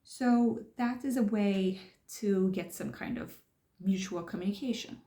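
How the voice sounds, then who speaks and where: A woman's voice: mid-range voice, a little slow, mellow. Woman talking through a book in a roomy echo. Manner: thinks aloud, explaining step by step. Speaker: channel host discussing a self-help book. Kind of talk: casual spoken book commentary.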